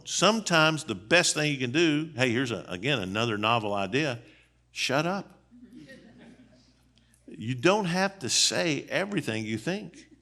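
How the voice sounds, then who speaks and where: A middle-aged man preaches in a relaxed, conversational way, his voice bright and forceful. He talks in plain, folksy terms and keeps throwing rhetorical questions at his listeners. His pitch sits mid-range for a man. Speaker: seminary dean teaching on marriage. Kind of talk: conversational sermon. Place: church.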